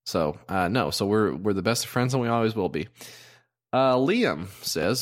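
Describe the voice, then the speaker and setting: Deep-voiced man rambling on a podcast. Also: very animated, moderate pace. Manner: rambling, many ums and restarts. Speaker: podcast co-host. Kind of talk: casual chat.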